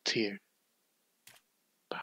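A man hosting a gaming channel, giving casual, profane let's-play commentary that swings between excited outbursts and hushed, rambling muttering. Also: very slow, no echo.

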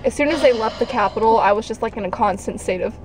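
A woman's voice: a little high, quick pace, a little hiss or hum, poor audio. Gushing young woman vlogging in a car. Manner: gushing, bursts into loud acted quotes. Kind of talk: excited casual chat. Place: parked car.

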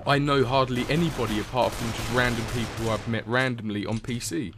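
A man's voice: mid-range voice, fairly even intonation, brisk, over music. A young man, chatting casually over gameplay in a rambling, swear-heavy way. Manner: rambling, swears often, laughs at own stories. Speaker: gaming commentator.

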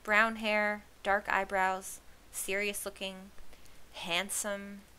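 Haughty young girl, emphatic, bright tone, read by a woman. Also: mid-range voice, level tone, slow pace, slight background noise. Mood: eager. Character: prissy young girl, touchy and dramatic.

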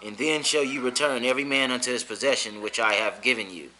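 A man reading scripture aloud in a steady, measured way. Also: mid-range voice, rough recording. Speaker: scripture reader.

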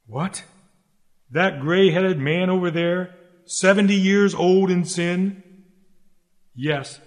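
A man delivering a sermon aloud in an earnest, emphatic preaching manner, pressing his points through repeated direct appeals. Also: sits high. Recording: long hall reverb.

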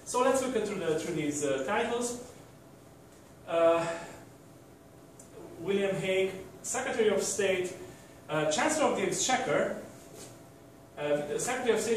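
Guy lecturing w lots of ums, kinda high voice, super echoey room, mic far off. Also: a little hiss or hum. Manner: hesitant, many fillers and restarts. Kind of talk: university lecture.

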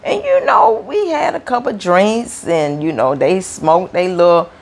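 A woman's voice: on the low side, big pitch swings, measured pace, creaky. A woman, chatting to her viewers from her apartment in a rambling way, often repeating her words. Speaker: vlogger. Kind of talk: casual rambling chat to viewers.

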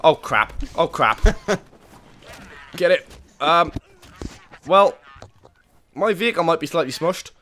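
A man hosting gameplay commentary, excitable and swinging from muttering to yelling as he plays. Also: on the high side, takes it slowly, long pauses, a little hiss or hum. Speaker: gaming channel host.

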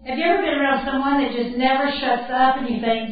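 An older woman with a fairly high voice gives a down-home teaching talk, chatty and quick to laugh at herself. She is heard from a distance in a very echoey hall, and the sound is dull and muffled. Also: steady tone. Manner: folksy, chatty, laughs at her own stories. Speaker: Bible camp speaker. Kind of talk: teaching talk mixed with personal stories.

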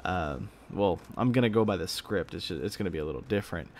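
A tired young Texan who makes gaming YouTube videos rambles casually in a vlog about his content, full of fillers and restarts. His voice is low and a little mellow, with lively intonation and a quick pace, over faint background noise.

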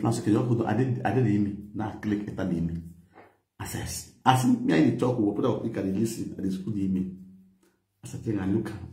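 A man's voice: lowish voice, mellow, reverberant. A middle-aged man speaking Nigerian Pidgin English, animatedly telling a story with quoted dialogue and frequent laughter. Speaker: vlogger. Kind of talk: casual storytelling to camera.

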